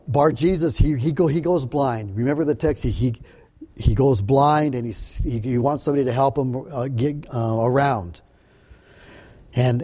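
Mellow-voiced man teaching scripture. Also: medium pitch. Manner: earnest, halting with repeated restarts. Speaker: preacher. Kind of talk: sermon-style Bible teaching.

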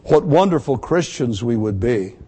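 A man's voice: medium pitch, expressive, mellow, husky. Emphatic male preacher. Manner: emphatic preaching, repeats key words, slows for emphasis. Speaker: pastor. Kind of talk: sermon.

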